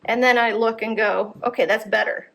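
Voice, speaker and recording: A woman's voice: on the high side, fairly even intonation, moderate pace, creaky, fairly bright tone. A woman teaching art, giving a live drawing demonstration at a gallery workshop and thinking aloud as she corrects her lines. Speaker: art instructor.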